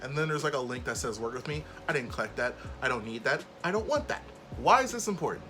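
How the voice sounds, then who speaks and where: A man hosting a casual commentary vlog, speaking bluntly with open indignation. His voice is bright and forceful, at a middle pitch for a man. A faint music bed plays underneath. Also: expressive, fast. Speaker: commentary YouTuber, host.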